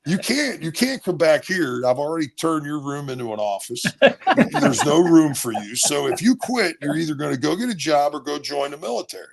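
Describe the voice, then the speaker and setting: A man doing his blunt gruff father. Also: fairly high pitch, big pitch swings, normal speed, voice pushed up, heavily acted. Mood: stern. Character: blunt no-nonsense father, middle-aged man.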